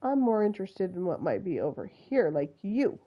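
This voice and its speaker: A woman's voice: medium pitch, very animated, normal speed, lo-fi sound. A woman from Utah with a Utah accent, chatting through live gameplay commentary and talking to the animals on screen. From Utah, USA. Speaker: game streamer.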